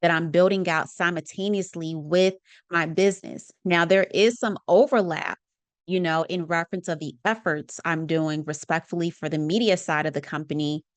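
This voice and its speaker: A woman's voice: lowish voice, moderate pace, no echo. A woman hosting her own podcast, talking casually and expressively to listeners with lots of asides. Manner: chatty and expressive, many fillers and asides. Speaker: podcast host. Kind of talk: casual solo podcast monologue.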